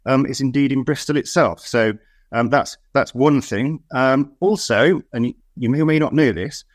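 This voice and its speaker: A man from the West Country of England, a guest speaking in casual chat over a video call, hesitant with many pauses and a wry tone. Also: mid-range voice, no echo, clean studio sound. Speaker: guest, head of local plans.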